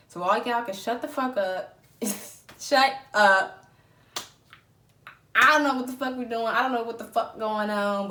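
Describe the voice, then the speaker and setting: A woman vlogger telling a story in a lively, profane storytime style. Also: medium pitch, slight background noise. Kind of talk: storytime vlog. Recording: roomy echo.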